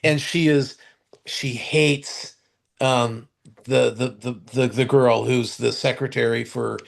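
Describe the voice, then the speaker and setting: A man with a gravelly, fry-edged voice at an ordinary middle pitch, talking casually on a podcast. He rambles, stops and restarts his sentences often, and throws in the odd swear word as he goes. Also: fairly even intonation. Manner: rambling, halting, full of restarts and fillers. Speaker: podcast co-host. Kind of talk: casual chat reviewing TV shows.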